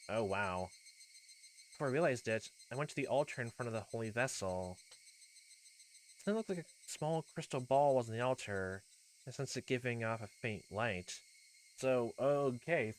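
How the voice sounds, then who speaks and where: A man's voice: medium pitch, a little hiss or hum. A young man casually reading and commenting through a story game, rambling with lots of fillers and exclamations. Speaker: let's play host.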